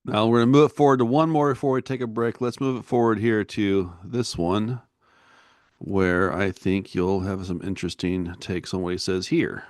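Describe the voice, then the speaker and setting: A man's voice: lowish voice, fairly even intonation, moderate pace, no echo, studio quality. A man hosting a comedy music podcast, easygoing and laughing often. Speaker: podcast host.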